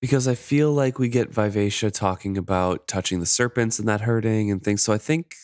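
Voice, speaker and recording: A man co-hosting a podcast, retelling and discussing a book chapter in a relaxed, thoughtful way. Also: fairly low pitch, fairly quick, no echo, studio quality. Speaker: podcast co-host. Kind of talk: casual chat retelling a book.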